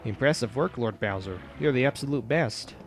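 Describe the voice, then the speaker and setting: A fawning, fussy old witch sidekick from a video game, as a man puts her on. She flatters and frets at a middling pitch, with faint music beneath. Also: moderate pace, close to an everyday voice.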